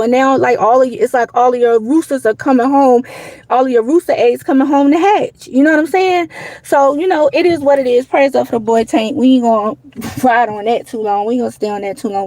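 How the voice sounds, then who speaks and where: A woman hosts a live boxing show, giving casual stream commentary in a loose, rambling way with plenty of "you know what I'm saying." Her voice sits high, fast, and a little mellow, with no echo but poor audio quality.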